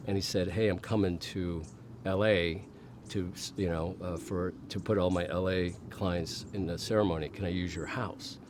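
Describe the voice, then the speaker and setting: Very deep-voiced man telling a candid story. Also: fairly even intonation, moderate pace, noisy background. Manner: candid, swears freely, acts out quoted voices. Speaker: podcast guest. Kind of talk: casual storytelling interview.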